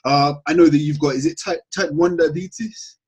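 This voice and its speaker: A man's voice: a little high, normal speed, darkish tone, breathy edge. A man hosting a podcast, chatty and upbeat as he welcomes guests and asks questions. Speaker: podcast host.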